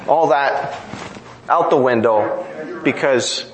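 A man's voice: mid-range voice, slow, poor audio. A man preaching a sermon in an earnest, emphatic way, driving points home through repetition. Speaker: pastor.

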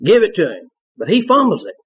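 A man preaching a sermon, animated, bursting into shouts and laughter as he tells his stories. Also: high-pitched, a little fast. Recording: dull lo-fi sermon recording.

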